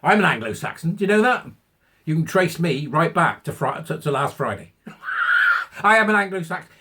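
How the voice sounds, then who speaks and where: English male commentator, husky voice, mocking and sarcastic, big swings in pitch. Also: big pitch swings, moderate pace, sharp tone. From England. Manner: mocking, sarcastic, laughs at own jokes. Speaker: online commentator. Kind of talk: ranting commentary.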